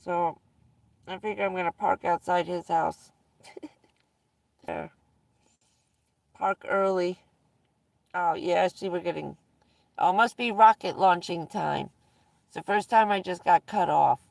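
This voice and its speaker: A woman's voice: lowish voice, a little slow, vocal fry, pauses often, a little mellow, no echo, recorded from a distance. A woman vlogger casually telling rambling personal stories to her viewers, often breaking into laughter mid-sentence.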